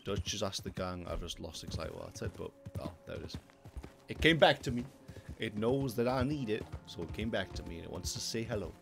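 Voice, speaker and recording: Brief: young male streamer, fairly low voice, excitable and jokey, game music under him. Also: fast, vocal fry, hardly any pauses. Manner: excitable, jokey, easily startled. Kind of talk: gaming livestream commentary.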